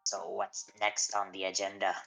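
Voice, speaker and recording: A woman's voice: very deep voice, completely flat delivery, normal speed, vocal fry, a bit bright, faint music behind. A woman player in a tabletop game, chatting bluntly and offhand, swearing casually. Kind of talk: casual chat.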